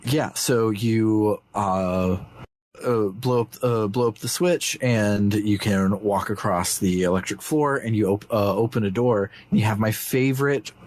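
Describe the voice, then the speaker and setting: Low-voiced man, halting excited podcast chat. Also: no room sound. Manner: halting, frequent uh restarts, excitable when recounting scenes. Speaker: podcast co-host. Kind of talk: casual podcast chat retelling a video game.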